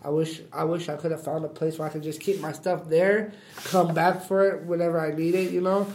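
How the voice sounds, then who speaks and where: A young man with a deep, raspy voice from smoking, talking casually in an interview, halting and repeating himself with lots of "like". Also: little pitch movement, darkish tone, slight background noise. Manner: halting, repeats words, says "like" often. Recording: roomy echo.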